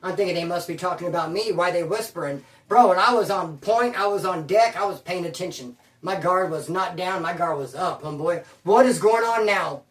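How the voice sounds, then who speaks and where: A man's voice: high-pitched, a little fast, hardly any pauses, far from the mic. A man telling his own prison story in casual first person, full of street slang and calling the listener bro. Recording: roomy sound, away from the mic.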